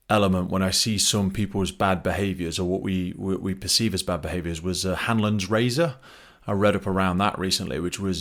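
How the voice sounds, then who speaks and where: Deep-voiced male podcast host. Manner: chatty, animated retelling with quoted voices. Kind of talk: conversational interview.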